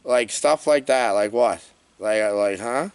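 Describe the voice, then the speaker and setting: A man giving a comedic, rambling movie review rant in an animated, jokey way. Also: on the low side, unhurried, clean tone, dry recording.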